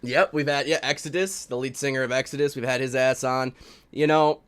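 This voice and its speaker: A man co-hosting an underground music review stream in crude, profane banter, swinging between low mutters and sudden yelled outbursts. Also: steady tone, a little fast, smooth. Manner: loud, swearing, drops to low mutters, yells outbursts. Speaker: co-host of an indie music review show.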